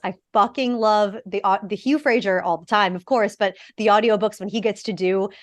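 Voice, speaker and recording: A woman who is an actor and podcast host, chatting in an animated, opinionated way and swearing freely. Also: mid-range voice, normal speed, no room sound. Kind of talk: casual podcast chat.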